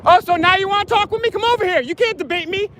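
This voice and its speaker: A man filming on his phone outdoors, loudly heckling and taunting officials with repeated insults. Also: very high-pitched, quick pace, slight background noise. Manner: mocking, repetitive insults. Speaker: YouTube auditor filming officials. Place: outdoors at a public event. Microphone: handheld phone camera.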